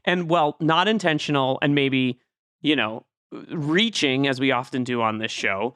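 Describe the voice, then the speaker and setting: Podcast co-host, male, bright and crisp, animated arguer, dry mic. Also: mid-range voice, unhurried, no echo. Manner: animated, argumentative, builds a theory. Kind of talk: casual film discussion.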